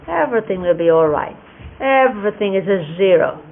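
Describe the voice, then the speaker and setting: An older woman gently recalling a teacher's hand gestures, explaining each one at an unhurried pace. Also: medium pitch. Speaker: speaker recalling a spiritual teacher. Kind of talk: reminiscing explanation. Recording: lo-fi phone-like archive recording with faint hiss.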